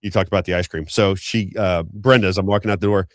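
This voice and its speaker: A man hosting a talk show, reading sponsor plugs and chatting in a quick, folksy way. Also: fairly low pitch, no echo, clean studio sound. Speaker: show host. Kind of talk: unscripted talk-show ad reads and banter.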